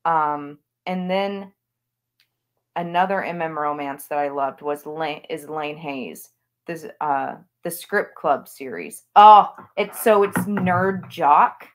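A woman's voice: low-pitched, slow. A woman author chatting as an interview guest, talking with gushing enthusiasm about books she loves. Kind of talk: casual interview chat.

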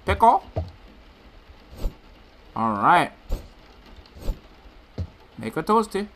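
A man's voice: a little high, very animated, very slow, pauses often, fairly bright tone, slight background noise. A man hosting a gaming channel, commentating a let's play and trash-talking the game character. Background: game music.

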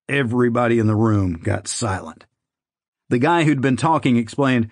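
A man narrating a first-person audiobook in a steady, conversational storytelling manner. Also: mid-range voice, moderate pace, no echo, clean studio sound.

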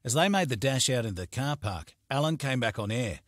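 A man with a mid-range voice narrates a crime novel audiobook in a steady, measured storytelling style. He is recorded close on a studio mic, though background noise is present.

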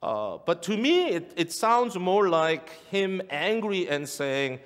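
A man's voice: high voice, sing-song, takes it slowly, a bit bright. A male pastor preaching a sermon, emphatic and repeating key phrases for weight. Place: church sanctuary. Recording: long church hall reverb.

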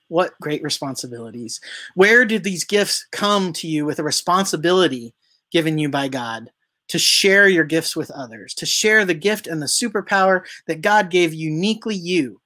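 A pastor giving a sermon in a conversational way, asking the congregation questions and now and then pausing on fillers and correcting themselves. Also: mid-range voice, expressive, fairly bright tone. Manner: conversational preaching with rhetorical questions; occasional fillers and self-corrections.

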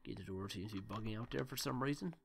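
A man's voice: on the low side, racing, gravelly, background noise. A man giving joking, rambling commentary while playing a horror game, talking to himself. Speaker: let's play gamer. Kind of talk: gameplay commentary.

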